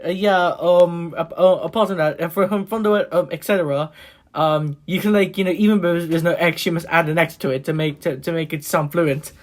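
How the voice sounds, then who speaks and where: A hoarse man hosting a reaction video, rambling casually with many fillers and restarts. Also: a little high, steady tone, brisk, few pauses.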